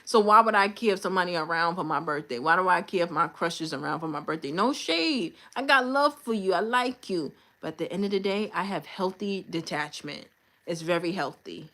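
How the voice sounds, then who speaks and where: A woman hosts a livestream, chatting casually and confidently in a fairly low, somewhat bright voice. Blunt and slangy, she talks straight to her viewers and repeats her points for emphasis.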